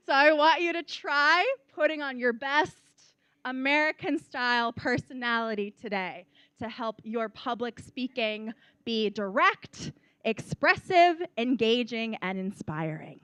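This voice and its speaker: A woman's voice: sits high, animated, unhurried, fairly bright tone, clear, resonant tone, dry recording. A woman presenting a public speaking workshop as a teacher, stressing key words and often checking in with the audience. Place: workshop room.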